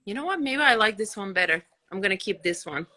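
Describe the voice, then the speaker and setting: A woman hosting a casual livestream chat from her couch, telling stories in an animated, bubbly way. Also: medium pitch, fast talker. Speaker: host. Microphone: phone.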